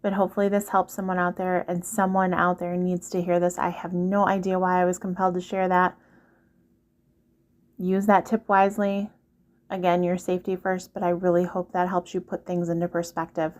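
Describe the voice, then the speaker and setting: A woman's voice: lowish voice, monotone, moderate pace, a little mellow. A woman speaking earnestly and directly to the listener in a casual advice monologue, repeating her points. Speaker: vlogger giving relationship advice.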